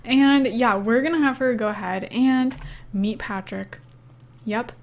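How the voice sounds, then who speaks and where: A young woman with a fairly high voice chats through a let's-play of a simulation game. She is casual and giggly, filling her talk with "um" and "like". She comments easily on each move as she plays. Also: a little slow. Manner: chatty and giggly, with frequent "um" and "like". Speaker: gaming YouTuber.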